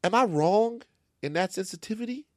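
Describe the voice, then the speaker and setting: Animated man telling stories. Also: sits high, moderate pace, no room sound, studio quality. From Louisiana. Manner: animated storyteller, acts out other voices. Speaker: podcast co-host. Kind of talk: casual comic chat.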